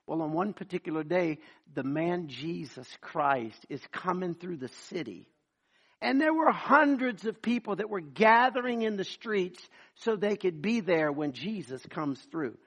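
A man's voice: high voice, lively intonation, unhurried, a bit bright, breathy edge. A man preaching a sermon, telling stories dramatically and acting out the voices.

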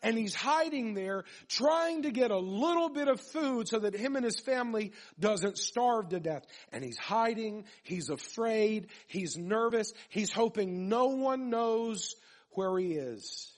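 Guy preaching a sermon, pretty high voice, reads the bible passage then repeats stuff for emphasis. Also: expressive, measured pace. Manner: reads scripture aloud, then preaches with repetition and rhetorical questions.

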